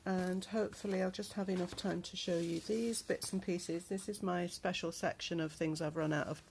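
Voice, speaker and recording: Talking through a handmade travel journal, a woman speaks at a fairly low pitch with fairly even intonation and a darkish tone. This casual show-and-tell vlog has a faint hiss or hum, and the crafter is chatty, unhurried, and full of ums.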